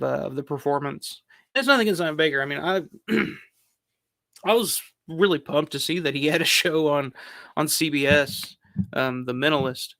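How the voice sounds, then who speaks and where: Gravelly-voiced man rambling casually. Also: on the high side, a bit bright, no room sound, studio quality. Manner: rambling, filler-heavy, swears casually. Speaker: film review channel host. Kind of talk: casual countdown commentary.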